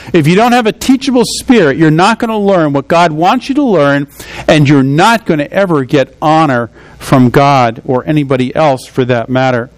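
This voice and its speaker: A man's voice: fairly high pitch, low-quality recording. A man preaching a sermon in a conversational way, often asking his listeners rhetorical questions.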